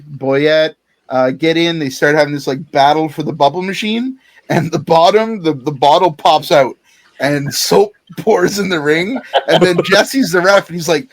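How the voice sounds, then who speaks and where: A man co-hosting a podcast, animatedly telling a story in casual chat, swearing freely and laughing often. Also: fairly high pitch. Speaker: podcast co-host. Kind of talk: casual chat, recounting a show.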